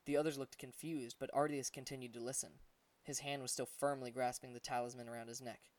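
A man reading an adventure audiobook, telling the story at a steady pace and voicing the characters. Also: medium pitch, a little fast, far from the mic. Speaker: audiobook narrator.

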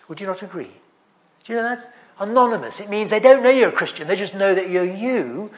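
A man preaches in a chatty, storytelling way, dropping in wry jokes at his own expense. His voice sits high for a man and swings widely in pitch as he talks. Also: expressive, fairly quick. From England. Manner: chatty, anecdotal, self-deprecating humour. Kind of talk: sermon.

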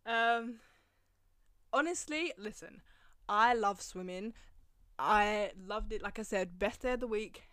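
A woman's voice: mid-range voice, slow pace, long pauses, no room sound. Young woman, solo podcast host, gossipy and profane, mid-range voice, dry close sound. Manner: profane, gossipy and animated, laughs often. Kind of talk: casual storytelling monologue.

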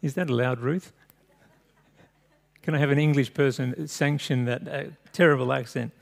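A man preaching a sermon, reading scripture aloud expressively with large swings in pitch and loudness. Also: steady tone, moderate pace, creaky. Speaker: pastor.

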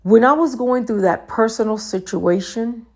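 Earnest woman with a gravelly voice. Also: on the high side, normal speed, darkish tone. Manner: earnest, rhetorical questions to the listener. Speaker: motivational speaker. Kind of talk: motivational talk.

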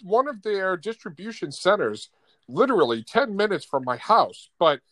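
A man hosting a podcast, telling a profane story in an animated casual chat. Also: high voice, normal speed, no room sound. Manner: animated, profane, laughs often.

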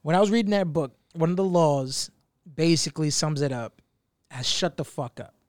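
A man's voice: on the high side, moderate pace, darkish tone, dry recording, studio quality. A man co-hosting a podcast in casual chat, rambling in a blunt, profane way. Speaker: podcast co-host.

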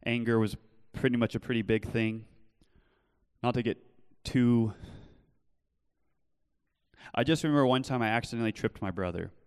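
A man's voice: mid-range voice, moderate pace, long pauses, smooth. Earnest male preacher in a reverberant hall. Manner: earnest, shifts from loud storytelling to soft pleading. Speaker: pastor. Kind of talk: sermon with personal testimony. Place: church hall.

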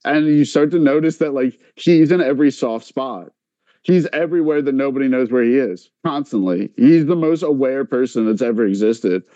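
A man's voice: medium pitch, moderate pace, no echo, highs cut off. A man on a podcast telling a long story in casual chat, full of filler likes and quoting others as he goes. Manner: animated, many filler likes, quotes others in voices.

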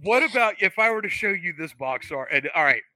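A man's voice: high-pitched, animated, fairly quick, bright, forceful tone, no echo. A man co-hosting a podcast in casual chat, enthusiastic and laughing often. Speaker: podcast co-host.

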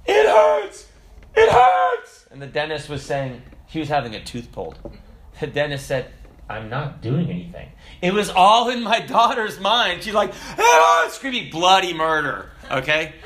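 A middle-aged man preaching a sermon as pastor, animated and emphatic, swinging his delivery up and down. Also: a little high.

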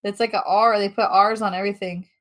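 A woman's voice: medium pitch, fairly even intonation, fast. A young woman co-hosting a podcast in casual, brash chat, swearing freely and laughing often. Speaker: podcast co-host.

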